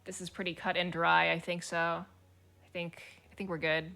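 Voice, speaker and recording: A woman's voice: fairly low pitch, level tone, moderate pace, vocal fry, bright, forceful tone. A woman streamer chatting casually and reading forum posts aloud, blunt, swearing freely and laughing as she talks.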